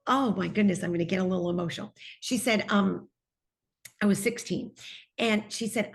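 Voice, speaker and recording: A woman's voice: medium pitch, fairly quick, creaky. A middle-aged woman, a TV personality, telling her own story earnestly in an interview and speaking openly of her faith. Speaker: TV personality and guest.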